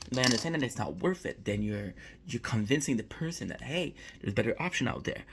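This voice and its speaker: A man's voice: medium pitch, expressive, fast talker, noisy background. Rambling young man recapping a show. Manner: rambling and conversational, swears casually, restarts often. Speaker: show reviewer. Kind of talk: casual episode recap.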